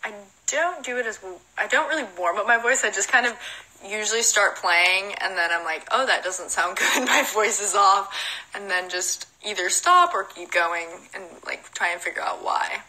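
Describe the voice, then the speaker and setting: Young Southern woman, bright voice, chatty and giggly, live Q&A into a phone. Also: mid-range voice, normal speed, rough recording. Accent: Southern American. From Southern United States. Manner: chatty, giggly, reads questions aloud then answers. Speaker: model and musician answering fan questions. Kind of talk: casual livestream Q&A.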